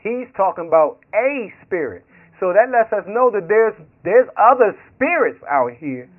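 A man preaching a sermon in a slightly high voice, moving from Bible reading into stories full of acted-out quotes. The sound is thin and tinny, as if carried over a phone line. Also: very animated, a little slow. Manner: storytelling with acted quotes and laughter.

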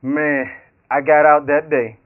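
A man preaching, telling a story in an animated way with frequent laughter and acted-out dialogue, over a tinny radio broadcast. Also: a little high, slow pace. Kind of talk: sermon storytelling.

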